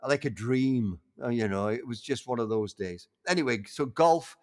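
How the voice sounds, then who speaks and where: An older man reminiscing in a casual conversation, halting with frequent restarts and warmly enthusiastic. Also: medium pitch. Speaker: interview guest.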